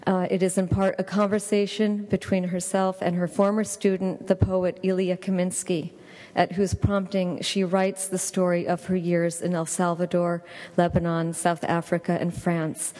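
Woman, low mellow voice, flat introduction, long hall reverb. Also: moderate pace. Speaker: event presenter. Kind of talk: reading a prepared introduction.

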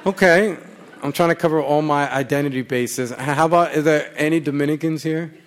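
A man's voice: fairly high pitch, fairly quick, a little hiss or hum. A man joking profanely with a live audience before reading his work on stage. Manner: profane, joking, crowd-teasing. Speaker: author giving a reading. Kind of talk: casual banter before a reading.

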